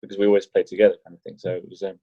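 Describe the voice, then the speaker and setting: A man's voice: sits low, little pitch movement, rapid-fire, no echo. A man talking as a podcast guest in casual interview chat, rambling with restarts and joking. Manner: rambling, many restarts and fillers, jokey. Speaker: podcast guest, wheelchair rugby league player. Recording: dull lo-fi podcast audio.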